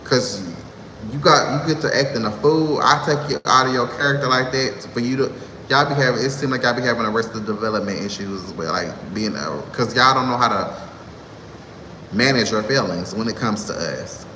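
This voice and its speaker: A man in his thirties vents in a sassy, exasperated rant. His voice is bright and pointed. A roomy space with a long reverb tail and faint background noise carries it. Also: mid-range voice, normal speed. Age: 30s. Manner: sassy, exasperated ranting with laughs. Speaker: vlogger. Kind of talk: heated monologue to camera.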